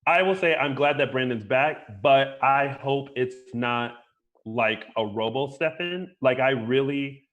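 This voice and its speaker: A man co-hosting a soap opera recap podcast, talking in a playful, animated way and acting out quotes. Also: medium pitch, unhurried. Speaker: podcast co-host. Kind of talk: casual chat.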